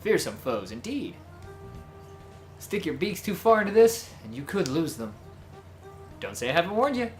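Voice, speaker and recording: Ein Mann spielt einen frechen Flirtvogel. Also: male voice, on the high side, very animated, normal speed, long pauses, soft background music. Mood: teasing. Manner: playful, teasing.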